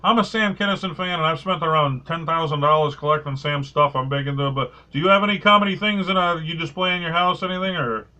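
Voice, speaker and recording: Guy hosting a comedy podcast, bright punchy voice, kinda high, animated storyteller, bit muffled sound. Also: quick pace, hardly any pauses. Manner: animated storyteller, reads listener comments. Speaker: podcast host. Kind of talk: casual podcast chat.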